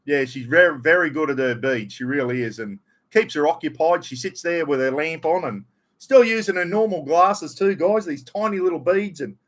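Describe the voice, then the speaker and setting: A man's voice: on the high side, expressive, normal speed, fairly bright tone. A middle-aged Australian man hosting a casual livestream, greeting viewers by name and chatting about his weekend and the footy. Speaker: livestream host.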